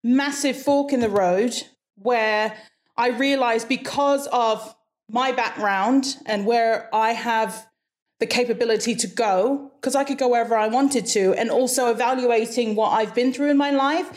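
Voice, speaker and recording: A woman guest from Hawaii speaking with an English-leaning accent in a somewhat high voice. She talks frankly and chattily, with quick asides. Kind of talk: casual interview chat.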